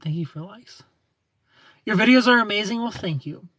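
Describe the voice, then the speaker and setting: A man's voice: sits high, expressive, normal speed, a bit bright. Playful Southern US man hosting a livestream. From United States. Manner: playful, teasing, greets viewers by name. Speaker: livestream host. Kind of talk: casual chat with live viewers.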